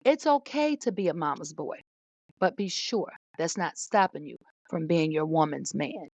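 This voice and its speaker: Deep-voiced woman, emphatic co-host. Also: animated, moderate pace, a little mellow, dry recording. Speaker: podcast co-host. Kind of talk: casual chat.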